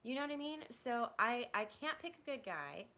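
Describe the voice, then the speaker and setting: Young woman vlogger, bright and high, candid frustrated venting with swearing. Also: big pitch swings, moderate pace. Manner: rambling, blunt, profane, frustrated. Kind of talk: candid venting to a live audience.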